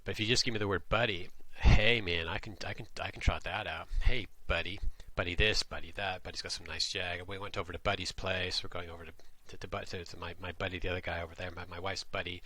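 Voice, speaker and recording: A man's voice: low voice, fairly even intonation, fast talker, few pauses, bright, forceful tone. A man from Atlantic Canada delivering a tongue-in-cheek satirical monologue, rambling and musing as he goes. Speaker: vlogger.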